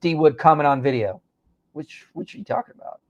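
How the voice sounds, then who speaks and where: A man hosts a relaxed live stream and reads viewer comments aloud as they come in. He answers each one quickly, in a voice set a little high for a man. The talk is loose and chatty. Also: muffled recording. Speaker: host. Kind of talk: casual livestream chat.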